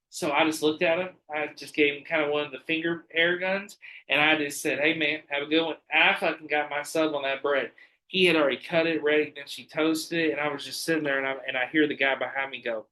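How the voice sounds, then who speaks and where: A man spins animated stories, acting out the people in them and swearing freely. His voice is bright and forceful and sits a little high. Casual podcast chat. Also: moderate pace, rough recording. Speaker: podcast guest.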